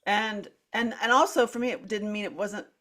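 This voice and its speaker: A woman's voice: mid-range voice, steady tone, normal speed, a bit bright. A middle-aged woman hosting a candid conversation, telling a personal story animatedly with many "like" fillers, acting out her own quoted lines and laughing between phrases. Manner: frequent "like" fillers and restarts, laughs through speech. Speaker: podcast host.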